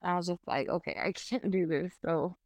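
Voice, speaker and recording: A woman's voice: fairly low pitch, brisk, no echo. A woman in her twenties, co-hosting a podcast, telling a personal story in casual chat, rambling with lots of fillers. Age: 20s. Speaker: podcast co-host.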